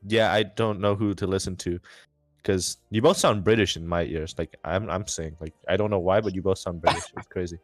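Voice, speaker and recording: Low-voiced young man joking on stream. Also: fairly even intonation, a little fast, no room sound, soft background music. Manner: rambling, joking, many fillers and restarts. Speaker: race commentator and post-race interviewer. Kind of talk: casual livestream commentary.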